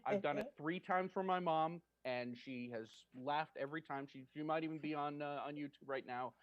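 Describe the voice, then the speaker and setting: A man's voice: a little high, normal speed, no room sound, highs cut off. A man doing stand-up over a video call, telling a story in a chatty, self-deprecating way and laughing at his own lines. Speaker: stand-up comedian. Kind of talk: stand-up storytelling on a virtual show. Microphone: home setup on a video call.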